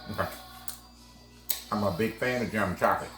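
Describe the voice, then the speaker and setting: Chatting brisk and low-voiced, a male home baker gushes over his cake and calls viewers baby and sweetheart in a casual cooking vlog. The room echoes, and music plays faintly in the background.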